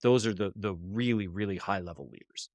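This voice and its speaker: Deep-voiced and fairly quick, a podcast guest tells an animated story about leadership workshops, imitating the voices of those involved. The casual interview takes place in a hostel room, and there's no echo on the recording.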